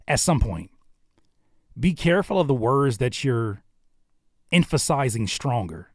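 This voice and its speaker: A mid-pitched man talks through viewers' songs in a laid-back, slangy livestream critique. He thinks out loud, restarting sentences as he goes. His voice sounds dry and close to the mic. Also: big pitch swings, a little slow, no room sound. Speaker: host reviewing viewer music on a livestream.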